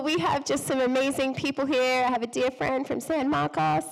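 A woman hosting an event on stage, her voice a little raised in pitch and slightly hoarse from a cold. She talks in a bubbly, effusive way and laughs easily. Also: steady tone, normal speed, hardly any pauses, poor audio. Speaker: event host. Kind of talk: enthusiastic welcome speech to a live audience. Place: event hall before an audience.

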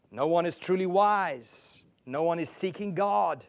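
High-voiced preacher swinging loud to hushed. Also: male voice, a little slow, creaky, few pauses, dull audio. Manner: asks the audience rhetorical questions. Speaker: pastor. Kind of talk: sermon.

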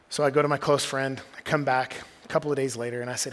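A man's voice: medium pitch, steady tone, moderate pace, long pauses. A young adult man, preaching a sermon as a groups pastor in a conversational storytelling way. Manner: conversational storytelling, drops to quiet intensity.

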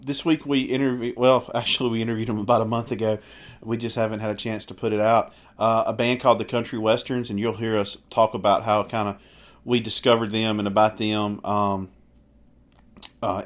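A man co-hosting a casual music podcast, talking in a relaxed way with many fillers. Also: lowish voice. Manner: relaxed, filler-heavy sign-off talk. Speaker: podcast co-host.

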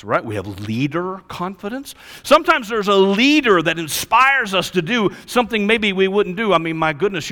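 A male pastor preaching a sermon, swinging between loud emphasis and hushed lines. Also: a little high. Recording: long reverb of a large hall.

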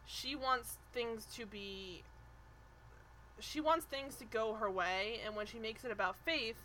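A woman's voice: fairly high pitch, unhurried, sharp tone, slight background noise, low-quality recording. A woman co-hosting a podcast, chatting casually and animatedly as she recaps a show, swearing and mimicking people. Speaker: podcast co-host.

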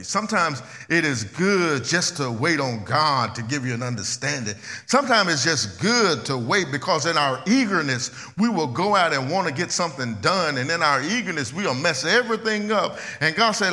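Male pastor, conversational sermon, high and bright, repeats himself, swings loud to hushed; reverberant church sound.

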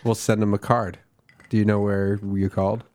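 A man's voice: on the low side, flat delivery, moderate pace, darkish tone, slight background noise. A man hosting a casual podcast chat, teasing and playful.

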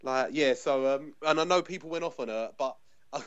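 A man's voice: a little high, clear, resonant tone, no echo, muffled recording. Chatty London man, dry close sound. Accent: London English. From England. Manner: chatty, quick to laugh, full of restarts. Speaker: podcast guest. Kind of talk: casual pop-culture chat.

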